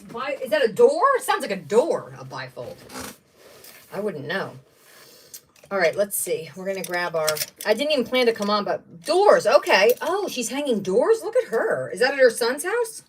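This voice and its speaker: Livestream craft host, a woman with an animated, gushing delivery, miked from a short distance. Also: a little high, moderate pace, a little hiss or hum. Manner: chatty, gushing, exclaims over each item. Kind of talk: casual livestream chat while unboxing craft supplies. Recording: voice somewhat distant from the mic.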